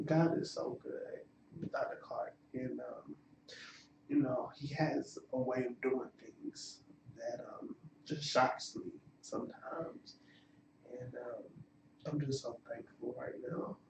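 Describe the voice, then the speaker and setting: A man as a guest on a health show, speaking slowly and heartfelt with gratitude. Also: medium pitch, steady tone, vocal fry. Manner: slow, heartfelt, grateful. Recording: roomy, distant, noisy sound.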